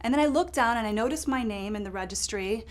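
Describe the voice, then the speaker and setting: An actress playing a ditzy, self-absorbed lifestyle correspondent in a comedy sketch, rambling through a story with lots of fillers. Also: female voice, fairly high pitch, fast talker, natural voice. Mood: chatty. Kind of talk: improvised comedy sketch monologue.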